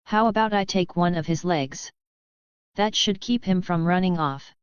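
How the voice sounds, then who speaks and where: A woman's voice: fairly low pitch, normal speed, clean tone, no room sound, lo-fi sound, lightly acted. A woman reading the part of a grinning, bloodthirsty male swordsman with a taunting manner. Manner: taunting, eager.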